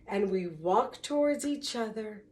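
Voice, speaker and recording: A woman slowly telling a personal story in an earnest, testimonial way, breaking into small religious exclamations. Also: medium pitch, animated, darkish tone.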